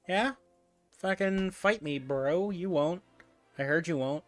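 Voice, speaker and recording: A male streamer talking casually over his game in a slightly high voice, loose and joking with a freely swearing manner. Faint game music runs underneath. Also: takes it slowly, pauses often, no echo. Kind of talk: casual gaming commentary.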